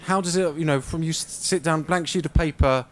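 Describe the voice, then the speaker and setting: A man with a fairly high voice asks a question from the audience. He speaks haltingly into a passed-around microphone. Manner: hesitant, halting. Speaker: audience member. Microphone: handheld mic passed around audience.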